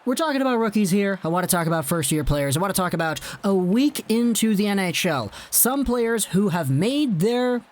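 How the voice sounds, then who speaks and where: Chatty high-voiced man talking hockey. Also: normal speed, hardly any pauses. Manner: chatty, rambling, lively. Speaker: hockey video host. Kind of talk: casual commentary to camera.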